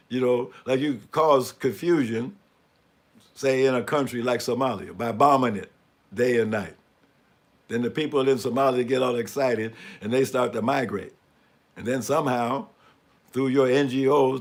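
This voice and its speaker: A man giving sarcastic, mocking commentary on a live stream and asking for the next image as he talks through slides. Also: medium pitch. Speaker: speaker commenting on news images.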